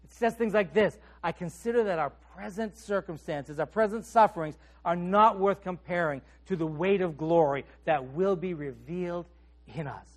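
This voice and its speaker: A male pastor preaching a sermon, dropping soft and low at the ends of phrases and lifting on questions. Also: normal speed.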